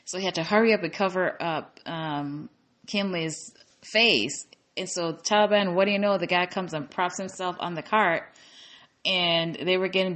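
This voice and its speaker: A woman's voice: fairly low pitch, fairly bright tone. A woman casually recapping a war movie's plot, chatty, with many fillers, restarts and emotional asides. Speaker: movie reviewer.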